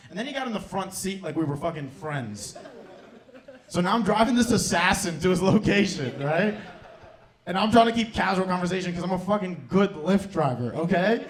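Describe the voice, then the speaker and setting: A young man with a fairly high voice works a comedy club crowd through a handheld stage mic. His set is loose and profane, and he keeps laughing at his own lines. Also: expressive, brisk. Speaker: stand-up comedian and host.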